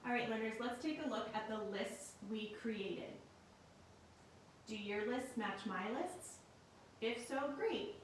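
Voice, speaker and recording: A woman teacher giving a recorded lesson in a slow, clear and patient way. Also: a little high, slight background noise. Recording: very echoey room, mic at a distance.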